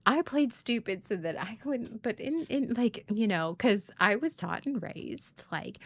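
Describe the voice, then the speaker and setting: A woman's voice: medium pitch, animated, slow, fairly bright tone. A woman, streaming a candid, profane monologue and laughing often. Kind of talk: casual livestream monologue.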